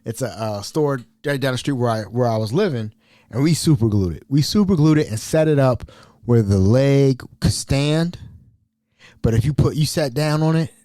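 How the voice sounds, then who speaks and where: A man's voice: mid-range voice, moderate pace, dry recording, studio quality. A man from Ohio hosting a podcast, telling old stories in a casual, chatty way with frequent laughs. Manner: animated, laughing often, chatty. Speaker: podcast host. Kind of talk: casual storytelling.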